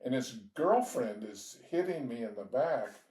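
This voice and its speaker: A man's voice: mid-range voice, animated, measured pace, warm tone, far from the mic. An older man from Georgia telling rambling stories about his youth, with small laughs as he goes. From Georgia, United States. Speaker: interviewee telling his life story. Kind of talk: relaxed storytelling. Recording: echoey room, voice off-mic.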